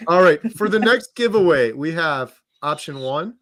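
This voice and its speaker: A man's voice: a little high, lively intonation, normal speed, fairly bright tone, no echo. Upbeat man hosting a live chat. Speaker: livestream host.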